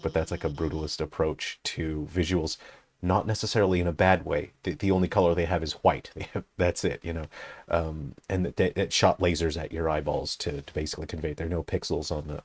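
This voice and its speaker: A man, a game developer, giving analytical commentary on a game he is playing, thinking aloud with many fillers. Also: sits low. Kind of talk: gameplay commentary.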